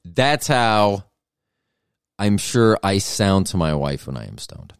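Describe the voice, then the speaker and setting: Rambling middle-aged man, lively low voice. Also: slow, clean tone, dry recording, studio quality. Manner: meandering, self-interrupting storytelling. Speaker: podcast host. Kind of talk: rambling comedic monologue.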